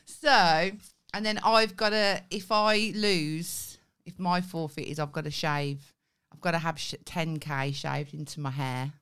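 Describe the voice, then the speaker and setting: A woman with a notably low voice co-hosts a comedy podcast. She talks casually and bluntly, swears freely and laughs often. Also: fairly even intonation, a little slow, fairly bright tone, clean tone.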